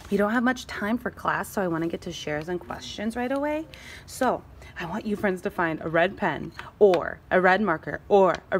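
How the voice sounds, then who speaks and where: A woman teacher reading a picture book aloud to her class, expressive, with gasps and dramatic pauses. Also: mid-range voice, a little hiss or hum.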